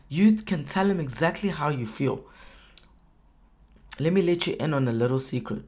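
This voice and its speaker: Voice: mid-range voice, moderate pace, long pauses, a little mellow. A preacher giving a sermon in an emphatic manner, asking rhetorical questions and acting out quoted prayers with feeling.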